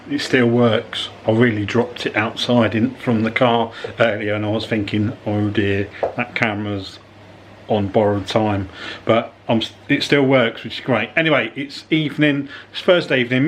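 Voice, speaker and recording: Relaxed, rambling man vlogger. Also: medium pitch, normal speed, slight background noise. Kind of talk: casual vlog update to camera. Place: office.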